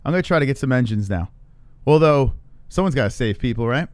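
A man's voice: mid-range voice, lively intonation, quick pace, no room sound. A man streaming a horror game live from his home computer, cursing often, startling easily and mocking his own play. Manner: swears a lot, jumpy, self-mocking. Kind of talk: live gameplay commentary. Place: home room with gaming computer.

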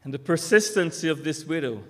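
A man's voice: on the high side, animated, fairly quick. A man preaching a sermon, emphatic, with rising declarations. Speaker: pastor. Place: church sanctuary. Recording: church sanctuary with long reverb.

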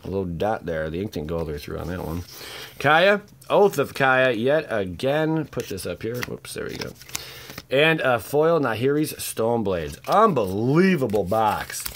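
Excitable man opening card packs. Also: slight background noise. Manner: exclamatory, swings between shouted excitement and low awed mutters.

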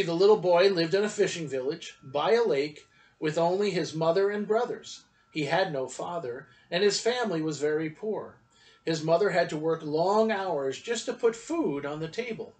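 Church storyteller, a man reading a children's story with expression. High voice, picked up from a distance. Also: darkish tone.

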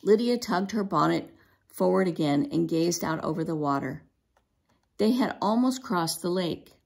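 A woman reading a children's novel aloud in an expressive storytelling manner, with an occasional stumble over a word. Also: lowish voice, measured pace, vocal fry. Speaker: storybook reader.

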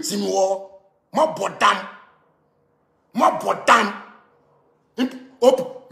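A Ghanaian man rants on a live stream in a very high, gravelly voice, often shouting. His words bounce around an echoey room. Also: slow pace, long pauses. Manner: ranting, switching between Twi and pidgin, shouting often. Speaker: musician speaking to fans. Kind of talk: animated live-stream rant.

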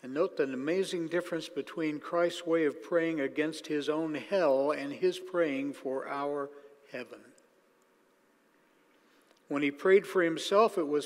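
Emphatic male preacher in an echoing hall. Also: a little high. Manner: emphatic, slows down to stress key phrases. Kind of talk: sermon. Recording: long hall reverb.

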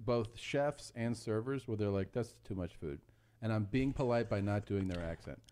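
A man's voice: lowish voice, normal speed, mellow. Rambling man telling podcast stories. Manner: rambling storyteller, acts out quoted lines. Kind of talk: podcast anecdote.

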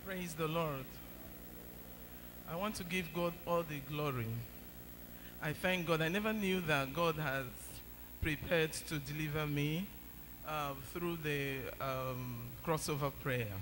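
A man gives his testimony to the congregation. His voice is high and bright, and he speaks emphatically but stumbles over fillers. The church's long reverb surrounds him. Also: slow pace, pauses often, a little hiss or hum. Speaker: church member giving testimony.

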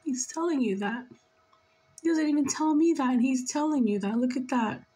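A woman's voice: high-pitched, expressive, normal speed, mellow, slightly rough, low-quality recording. A tearful woman giving an emotional spiritual reading, talking in an earnest, scolding and pleading way. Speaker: spiritual reader.

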